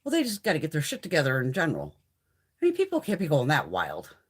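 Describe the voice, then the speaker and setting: Her voice sits low and slightly rough, and she talks fast: a middle-aged woman in casual live-stream chat with viewers. She is chatty and lively, swears freely, and performs the quoted conversations she describes.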